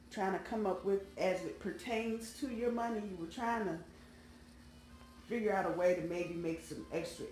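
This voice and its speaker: With a dark-toned, mid-range voice, a tarot reader talks to viewers in a relaxed, colloquial way while dealing cards. The room sounds open, and faint music plays underneath.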